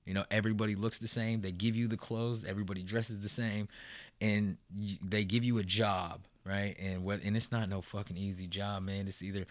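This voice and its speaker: A man's voice: fairly low pitch, level tone, brisk, no room sound. A man in a casual interview, telling his own story in a profane, rambling way, full of "man" and "bro".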